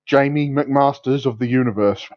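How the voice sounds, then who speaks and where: A man co-hosting a podcast, slowly building up his pun jokes and chuckling at them. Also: medium pitch, no echo. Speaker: podcast co-host. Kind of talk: casual banter. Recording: dull, dry lo-fi mic.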